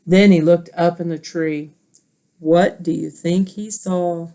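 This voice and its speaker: A woman teacher reading a picture book aloud to children, expressive and asking listeners questions. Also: medium pitch, unhurried.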